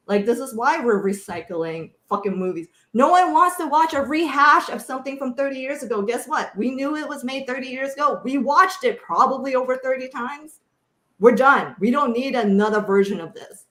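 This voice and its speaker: A woman's voice: sits high, expressive, a little fast, a bit bright. A woman filmmaker on a panel, ranting with passion, blunt, sassy and swearing heavily. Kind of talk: impassioned rant in a panel chat. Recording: echoey room.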